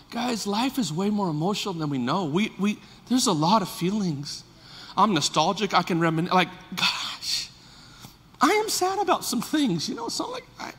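A Californian pastor in his fifties preaches with a high, husky voice. He drops into quiet, confiding talk, then builds to shouted, fervent runs. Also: very animated, normal speed, in a large hall. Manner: swings from soft confiding to shouted fervor. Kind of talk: sermon.

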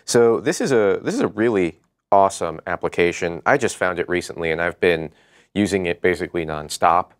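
A man's voice: low voice, fairly quick, smooth, no echo, clean studio sound. A man co-hosting a web development show, talking through tools in an enthusiastic, conversational way. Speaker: co-host. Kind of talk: casual tech show chat.

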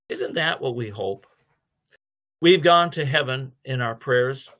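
A man's voice: mid-range voice, slow pace. A middle-aged man giving a devotional lecture, telling a story and acting out both sides of a conversation. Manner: lively storytelling, acting out dialogue. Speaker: theology lecturer.

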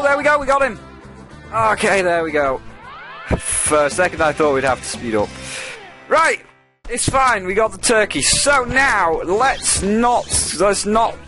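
A man's voice: mid-range voice, fairly bright tone. A man giving casual gameplay commentary as a let's play host, rambling and jokey with frequent swearing.

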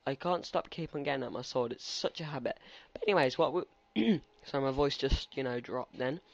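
A man's voice: mid-range voice, brisk, gravelly, no echo. A teenage man giving rambling, chatty let's-play commentary and talking back to game characters. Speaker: gaming commentator. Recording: slightly muffled lo-fi recording.

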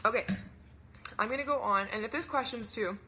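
A young woman hosting a webinar as a wellness coach, talking fast and bubbly in a casual chat full of "like" and "right?". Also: on the high side, pushed and bright, slight background noise.

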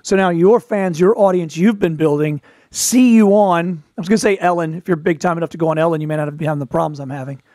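Guy with a fairly high voice, dry close recording, chatty and wry, tosses in asides. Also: mellow, no room sound. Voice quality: conversational, wry storytelling. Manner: quick asides and playful put-on voices for quotes. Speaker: podcast host, performer. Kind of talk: casual advice talk.

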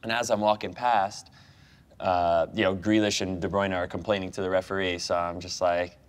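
A man's voice: deep voice, normal speed, smooth. Laughing American man telling a story. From United States. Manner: animated storyteller, laughs often, many fillers. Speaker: guest, professional goalkeeper. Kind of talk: casual chat.

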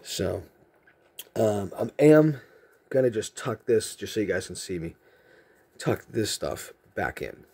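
A man's voice: on the low side, animated, slow, vocal fry, long pauses, dark tone, husky. A man, chatting casually as a trading card vlogger in a rambling way, chuckling and restarting his sentences. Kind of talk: casual chat and storytelling.

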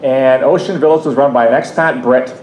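A Canadian guest speaker in his fifties gives a public talk, telling a personal story conversationally with frequent restarts and asides. His voice is darkish, fairly even and fairly quick, recorded in an echoey room with a faint rumble.

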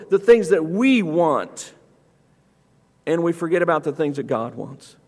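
A man preaching a sermon in a church, reading scripture aloud and acting out the quoted speakers with rising, lively emphasis. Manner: animated, acts out scripture quotes with raised pitch. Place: church auditorium. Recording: long church hall reverb.

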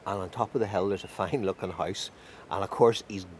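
A man telling a folk tale in a lively, animated way. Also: sits low, brisk, a little hiss or hum. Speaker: storyteller.

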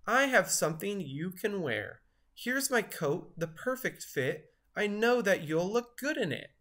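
A woman voicing eager young children in a storybook read-aloud, with bright, raised exclamations. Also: mid-range voice, very animated, a little slow. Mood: kind.

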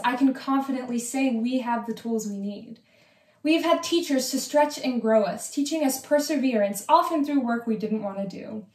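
A young woman delivers a graduation speech in an earnest tone with light humor. Her voice is fairly high and rings in a noticeably echoey room. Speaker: senior class historian. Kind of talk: ceremony speech.

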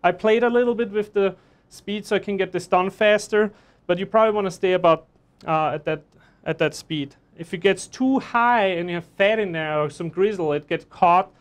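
A man's voice: high-pitched, normal speed, clear, resonant tone. Joking man chef teaching live. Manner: chatty, joking, explains as he works. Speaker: chef instructor. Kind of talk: live online cooking class. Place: kitchen.

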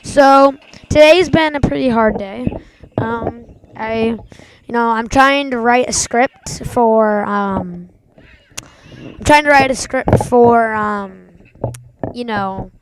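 A young woman hosting a gaming channel, giving casual let's-play commentary and yelping and shouting catchphrases as she plays. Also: fairly high pitch, slight background noise. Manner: excitable, yelps and shouts catchphrases.

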